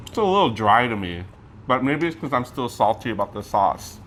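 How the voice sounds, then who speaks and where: A man's voice: medium pitch, brisk, slight background noise. Sassy man chatting over a meal. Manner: sassy, animated, complaining while eating. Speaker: co-host. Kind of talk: casual mukbang chat. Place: home.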